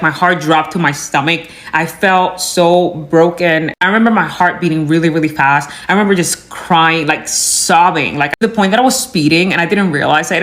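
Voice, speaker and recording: A woman's voice: fairly low pitch, fairly bright tone. A woman telling a personal story on camera in a candid, casual way, with many fillers and acted-out dialogue.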